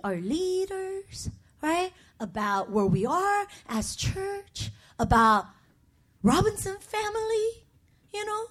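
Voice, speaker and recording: A woman's voice: high-pitched, breathy edge. A middle-aged woman pastor giving a personal, emotional sermon, speaking to the congregation and calling for their responses. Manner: emotional, confessional preaching with call-and-response; conversational and personal, with asides to the congregation.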